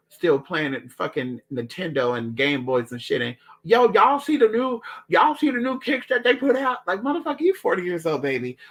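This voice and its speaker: A man tells family stories in casual, profane, dramatic chat. His voice sits a touch high and bright. He keeps calling his listeners "girl" as he talks. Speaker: storyteller.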